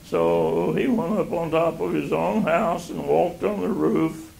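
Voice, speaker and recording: An older man teaching a Bible lesson, reading scripture aloud and explaining it in a slow, halting way. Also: a little high, creaky, darkish tone.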